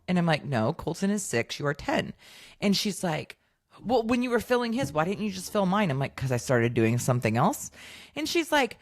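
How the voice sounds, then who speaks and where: Animated, low-pitched woman telling a story. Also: brisk. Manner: animated storyteller, acts out quoted dialogue, swears freely. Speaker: podcast co-host. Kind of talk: casual chat.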